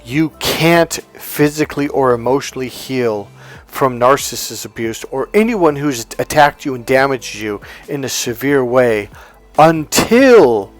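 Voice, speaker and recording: In a mid-range voice, a male life coach delivers a blunt, forceful motivational monologue. He swears for emphasis and voices other people's lines loudly.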